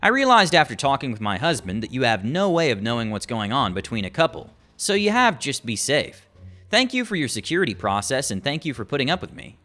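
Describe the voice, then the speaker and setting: Man reads a pushy entitled wife, condescending and lively in pitch. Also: a little fast. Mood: apologetic. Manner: indignant, condescending. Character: entitled demanding wife, middle-aged woman.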